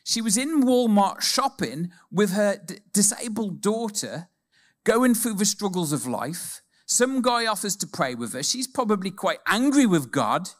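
Guy preaching in church, kinda high voice, tells a story, goes quiet then punchy. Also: measured pace. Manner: animated storytelling, shifting from hushed to emphatic. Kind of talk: sermon with personal story.

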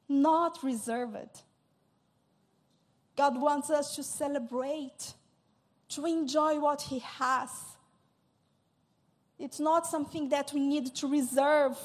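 A woman preaching a sermon in a halting, earnest way, often repeating and restarting her words. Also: sits high.

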